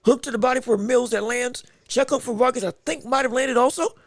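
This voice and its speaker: A man hosting a live podcast, giving rapid round-by-round boxing commentary with excited outbursts. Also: extremely high pitch, no room sound, clean studio sound. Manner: rapid play-by-play, excited outbursts, talks to the chat. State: hiccups.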